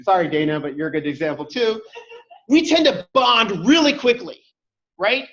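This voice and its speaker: A boisterous, loud man teaches an online workshop, his voice pitched high and swinging widely up and down. It sounds dull and lo-fi, caught in an echoey room. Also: animated, moderate pace. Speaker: instructor. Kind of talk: online workshop talk with personal stories.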